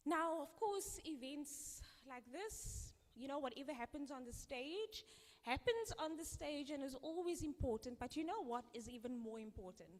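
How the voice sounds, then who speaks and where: A woman speaks with a high, animated voice at an unhurried pace. She is effusive and emotional as she gives closing thanks at a live event. A long hall reverb rings around her words. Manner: effusive, emotional, exclaims often. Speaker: CEO giving closing thanks. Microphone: handheld or stand microphone.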